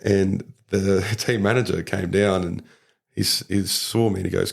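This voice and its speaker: A man's voice: low voice, fairly even intonation, normal speed, creaky, husky. A young Australian man, a podcast guest, telling a story in casual chat and rambling with lots of fillers. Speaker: podcast guest, rugby league player.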